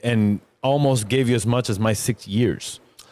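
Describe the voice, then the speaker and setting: A man's voice: mid-range voice, normal speed. A man chatting casually as a guest chef, swearing freely and acting out quoted remarks. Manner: relaxed, profane, acts out quotes. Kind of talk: casual chat.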